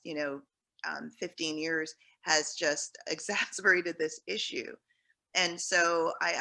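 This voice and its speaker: A woman's voice: lowish voice, bright, forceful tone, rough recording. A woman speaking on a panel in an earnest, encouraging, emphatic way. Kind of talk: panel discussion.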